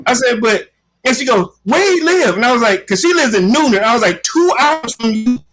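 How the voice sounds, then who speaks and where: A man's voice: very high voice, a little fast, music in the background, poor audio. A man co-hosting a casual podcast, telling a funny story with lots of laughter. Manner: animated storyteller, laughs often. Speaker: co-host.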